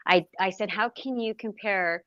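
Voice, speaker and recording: A woman's voice: medium pitch, normal speed, fairly bright tone. A woman speaks bluntly and indignantly as a livestream co-host, swearing freely. The sound is dry and a little dull, with no room echo. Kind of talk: casual livestream chat.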